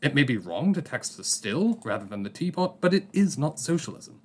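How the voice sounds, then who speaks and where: A man putting on a deliberately poor English accent to play a stuffy upper-class male magazine editor. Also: sing-song. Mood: insistent. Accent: English, put on. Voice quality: raised pitch, self-consciously bad imitation.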